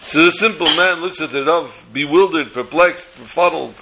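A man telling a story in a sermon, with an expressive, dramatic delivery. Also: a little high, normal speed, few pauses, slight background noise, rough recording.

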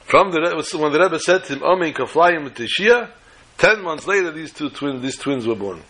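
A man teaching a Torah class, telling a story with acted-out quotes and Hebrew terms in a husky voice. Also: on the high side, expressive, fairly quick, fairly bright tone.

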